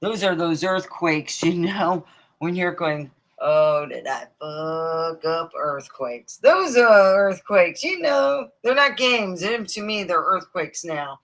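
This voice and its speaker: A woman's voice: lowish voice, animated, takes it slowly, fairly bright tone, low-quality recording. A woman from Nevada hosting a livestream, rambling casually, digressing, swearing freely and acting out quoted voices. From Nevada, USA. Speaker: livestream host.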